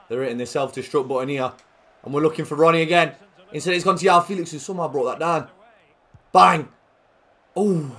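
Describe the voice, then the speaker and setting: A young man giving jokey live commentary on a football video game, dropping to quiet play-by-play and then bursting out loudly. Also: fairly high pitch. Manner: jokey, swings between quiet play-by-play and loud excited outbursts. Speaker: gaming commentator.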